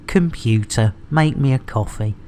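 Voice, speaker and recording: A man chatting as he streams a game, rambling and jokey. He talks at an ordinary middle pitch and laughs often between lines. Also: lively intonation, measured pace, darkish tone, a little hiss or hum. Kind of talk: casual game stream banter.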